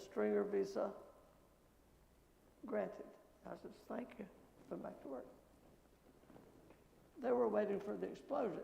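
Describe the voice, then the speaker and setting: Older woman, missionary, gravelly voice, lively storytelling, church testimony, echoey hall with long reverb. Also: medium pitch. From American Midwest. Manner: lively storytelling with laughs and quoted dialogue. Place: church sanctuary.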